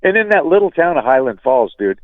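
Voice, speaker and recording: A man guesting on a radio show, telling an animated, profane story and saying "dude" a lot. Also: a little high, fairly quick, no room sound. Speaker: guest musician. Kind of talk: casual storytelling. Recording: tinny phone line, dry.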